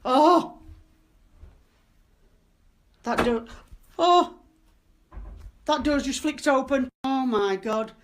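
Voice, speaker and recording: A woman, frightened and pleading, records herself on her phone in a dark empty house at night. Her voice sits slightly high, and she talks to the unseen presence as much as to her viewers, swearing when startled. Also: normal speed, hardly any pauses. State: scared. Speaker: cleaner alone in a supposedly haunted house. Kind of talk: filming herself, talking to viewers and to a ghost.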